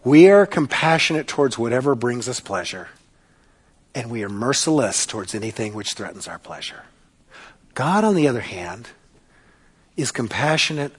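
A male pastor preaching a sermon, dramatic and sarcastic, swinging between loud bursts and hushed asides. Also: mid-range voice, big pitch swings, moderate pace, long pauses, breathy edge.

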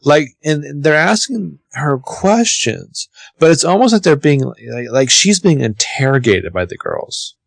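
Chatty guy recapping episodes on a podcast, bouncy pitch, kinda gravelly. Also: unhurried, dry recording. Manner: animated, talks with many fillers. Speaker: podcast co-host. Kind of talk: casual recap chat.

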